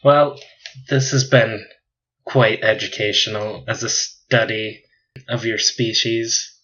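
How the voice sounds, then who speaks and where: A man's voice: lowish voice, fairly even intonation, slow, bright, forceful tone, a little hiss or hum. A man voicing an alien who lectures the crew in a lofty, judging manner, on a dull lo-fi recording.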